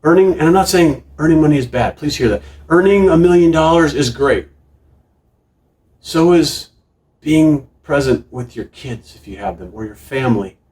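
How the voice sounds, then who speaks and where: A man's voice: a little high, lively intonation, normal speed, a little mellow. A middle-aged man preaching a sermon as pastor, earnest and emphatic, with frequent restarts. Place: church sanctuary. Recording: distant room mic in a church.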